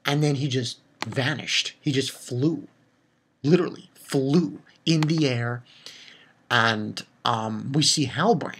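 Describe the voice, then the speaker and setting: A man giving a casual spoken review of a comic chapter, retelling it excitedly with swearing and lots of fillers. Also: mid-range voice, slow, a little hiss or hum. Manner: excitable, loose and profane, with many fillers. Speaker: manga reviewer.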